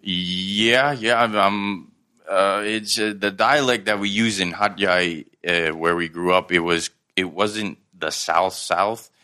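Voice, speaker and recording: A young man who grew up in Thailand, telling stories in a casual chat with quick animated delivery. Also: deep voice. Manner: fast, animated storytelling with frequent laughs.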